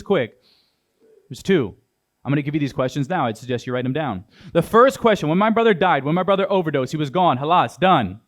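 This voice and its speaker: A young adult man giving a keynote speech on stage, punchy and dramatic, talking straight to the audience. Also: fairly high pitch. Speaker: motivational speaker. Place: large event hall on stage.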